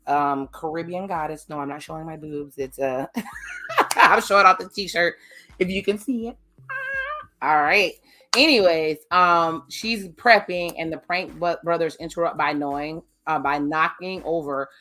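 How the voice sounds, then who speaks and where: A woman's voice: deep voice, a bit bright. A woman recapping a TV episode with candid, chatty asides, speaking on camera. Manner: candid, chatty, blunt commentary. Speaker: TV episode reviewer. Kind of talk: casual recap with personal asides. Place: indoors, on camera.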